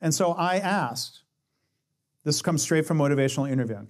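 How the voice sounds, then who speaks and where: Male speaker, slightly higher pitch, conversational teaching tone, quotes example dialogue. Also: expressive, normal speed. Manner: explains with acted-out dialogue quotes, shifting pace. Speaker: speaker on coaching and lean management.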